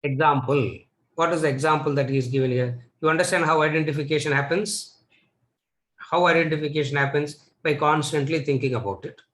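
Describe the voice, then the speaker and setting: A man's voice: on the high side, steady tone, fairly quick, fairly bright tone, roomy sound, low-quality recording. A man with a Tamil-influenced Indian English accent gives a spiritual lecture. He repeats his key lines and asks the listeners rhetorical questions. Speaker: Vedanta teacher.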